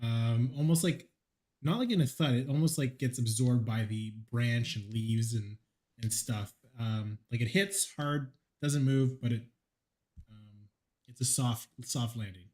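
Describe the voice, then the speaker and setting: A man's voice: mid-range voice, unhurried, darkish tone. A man narrating as game master in a tabletop game, casual and hesitant with many ums.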